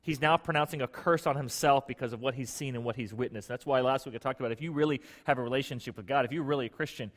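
A man preaching a sermon as pastor in a church, talking conversationally with restarts and repeated words, swinging between emphatic loud bursts and hushed asides. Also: medium pitch, fast, hardly any pauses. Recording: long hall reverb.

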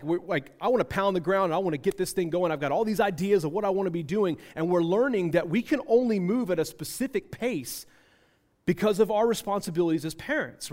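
A young man giving a conversational sermon about parenting, animated and repeating phrases for emphasis, slipping into acted-out voices. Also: a little high. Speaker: speaker at a parenting talk.

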